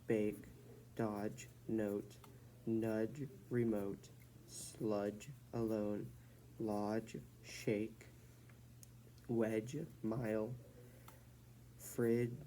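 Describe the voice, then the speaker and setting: A student reading a word list aloud, slow, careful and hesitant. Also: mid-range voice, flat delivery, mellow, a little hiss or hum, rough recording.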